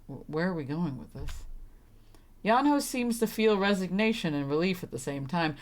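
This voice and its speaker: A woman's voice: lowish voice, lively intonation, normal speed. A young woman streaming a story game, reading lines aloud and reacting with flustered, laughing commentary.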